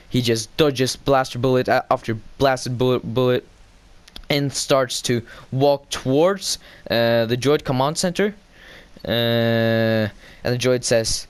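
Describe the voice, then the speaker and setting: A man's voice: medium pitch, clean tone, no room sound. Hesitant man recapping an episode. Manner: hesitant, heavy fillers and self-corrections; excitable, laughs while retelling scenes.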